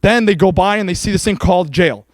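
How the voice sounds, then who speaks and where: A male rabbi giving a sermon to beginners in the manner of an animated storyteller, speaking directly to the crowd. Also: high-pitched, fast, no echo. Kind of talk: sermon for beginners at an evening event.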